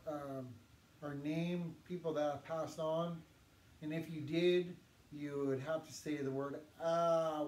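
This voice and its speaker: A man teaching a language lesson, patiently saying words slowly for learners to repeat. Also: on the high side, darkish tone. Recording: echoey room with faint noise.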